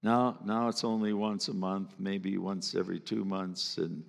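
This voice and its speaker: A pastor giving a sermon in a church, talking in an earnest, conversational way that sometimes drops to a hush. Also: male voice, low-pitched, level tone, measured pace, gravelly. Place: church sanctuary. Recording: long reverb of a church hall.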